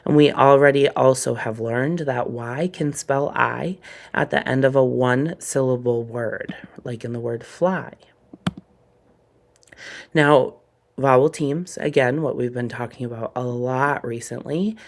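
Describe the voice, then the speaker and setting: A man teaching a phonics lesson, slowly and deliberately sounding out words letter by letter. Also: mid-range voice, gravelly.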